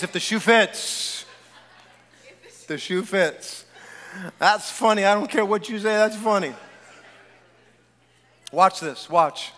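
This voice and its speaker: A male pastor preaching a sermon to his congregation, animated and joking, talking straight to the people in the room. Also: high voice. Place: church sanctuary. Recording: long church-hall reverb.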